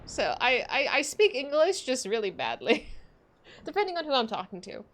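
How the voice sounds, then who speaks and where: A woman from Los Angeles, chatting excitably with viewers during a gaming livestream, laughing often. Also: sits high, moderate pace, slight background noise. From Los Angeles, USA. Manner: excitable, giggly, greets viewers. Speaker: game streamer. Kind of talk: casual livestream chat while gaming.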